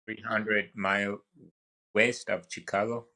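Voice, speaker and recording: A young man with an African accent, telling his story as a guest in a relaxed podcast chat, halting with fillers. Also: on the low side. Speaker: guest, wildland firefighter. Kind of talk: casual podcast conversation.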